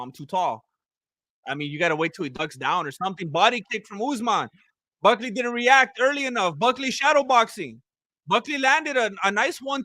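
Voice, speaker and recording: High, bright-voiced man joking through a fight. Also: no room sound. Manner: joking, rambling, repeats himself. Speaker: fight commentator. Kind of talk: casual live fight watch-along commentary.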